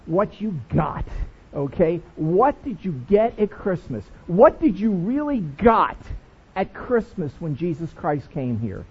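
A man's voice: high voice, sing-song, takes it slowly, slightly rough. A man preaching a sermon as pastor, playful and jokey with his congregation. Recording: dull lo-fi recording.

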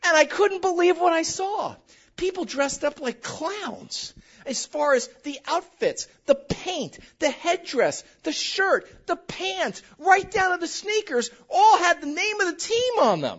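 A woman's voice: extremely high pitch, unhurried. A woman pastor preaching a sermon, telling jokey stories straight to the congregation. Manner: animated, joking storytelling addressed to the congregation. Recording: muffled lo-fi recording.

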